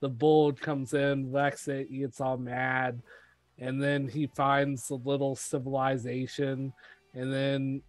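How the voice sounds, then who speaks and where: Slow, rambling male podcast guest. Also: mid-range voice, level tone, no room sound. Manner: rambling, with many fillers. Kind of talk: casual podcast chat.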